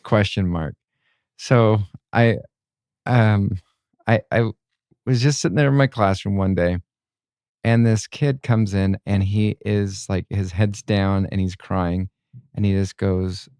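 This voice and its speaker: Casual podcast host, male schoolteacher, low voice, dry mic, animated storyteller. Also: takes it slowly, smooth, dry recording. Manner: storytelling, acting out kids' lines.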